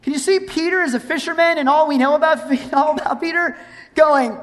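A woman preaching a sermon in a conversational, animated way, reading verses and acting out scenes. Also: high-pitched, a little fast, some chatter behind. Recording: long hall reverb.

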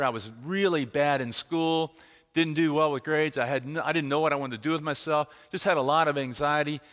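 Man preaching a dramatic sermon in a hall. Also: on the high side. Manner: dramatic storytelling, swings from loud to hushed. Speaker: pastor. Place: church sanctuary. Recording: reverberant church hall.

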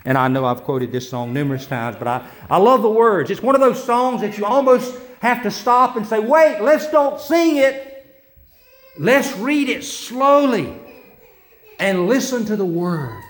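Male pastor, high voice, sermon delivery that swings between emphatic preaching and quiet, talky asides. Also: animated. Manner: recites scripture and hymn lyrics slowly.

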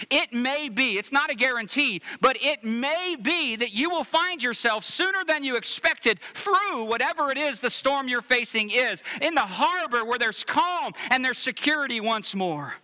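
A man preaching a sermon, reading scripture and speaking straight to the congregation, dropping to hushed low passages and rising to emphatic ones. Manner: reads scripture aloud and comments on it directly to the congregation. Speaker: pastor.

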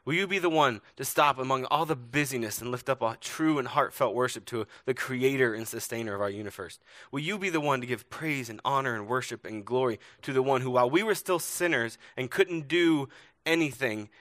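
A man's voice: mid-range voice, brisk, dry recording, clean studio sound. A man preaching a sermon to his church, telling stories and asking earnest rhetorical questions. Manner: earnest storytelling, rhetorical questions, varied loudness. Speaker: pastor.

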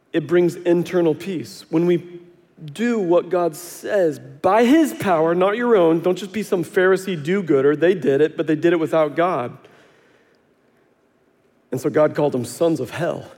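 High-voiced male pastor preaching in a big hall. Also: measured pace. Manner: animated storytelling, acts out quotes, self-deprecating humor. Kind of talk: sermon. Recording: long hall reverb.

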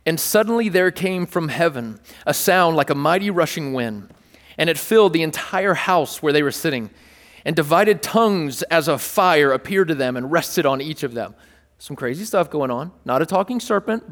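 High-voiced pastor in a reverberant hall. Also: male voice, a little fast. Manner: playful and animated, jokes with the congregation. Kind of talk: sermon. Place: church hall with a live audience.

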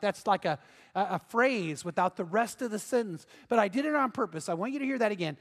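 Male pastor, high voice, emphatic sermon, echoing church hall. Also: animated, quick pace. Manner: earnest, emphatic preaching with repeated phrases.

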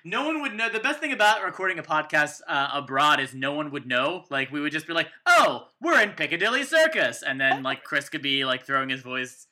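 A man co-hosting a podcast in casual chat, animated and jokey, quick to laugh. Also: on the high side. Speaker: podcast co-host.

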